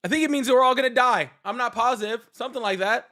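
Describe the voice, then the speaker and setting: A man's voice: very high voice, fast talker, hardly any pauses, pushed and bright. A man hosting a live call-in debate stream, ranting casually in a sarcastic, mocking way and swearing freely. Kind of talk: casual livestream rant.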